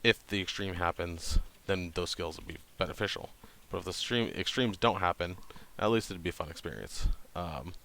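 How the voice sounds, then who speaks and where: A man in his thirties with a deep, gravelly voice, speaking in a flat monotone and pausing often with hesitant ums. He talks casually to the camera over a faint hiss of background noise. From New Hampshire, USA. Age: 30s. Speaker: channel host.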